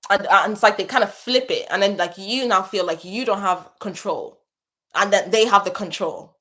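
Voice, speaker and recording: At normal speed and medium pitch, with a voice that's a bit bright, a young woman hosts a casual advice chat. She reads viewer messages in a chatty, emphatic style, repeating phrases for stress.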